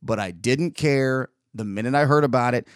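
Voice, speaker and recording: A man's voice: mid-range voice, normal speed, clean tone, no room sound, clean studio sound. A man, rambling through an opinionated casual monologue as a podcast host. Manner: rambling, opinionated, with frequent restarts.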